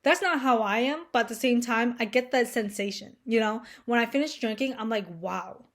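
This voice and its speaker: A woman's voice: on the high side, a little fast. A young woman vlogging to camera in a casual, rambling monologue, playful and crude, full of fillers.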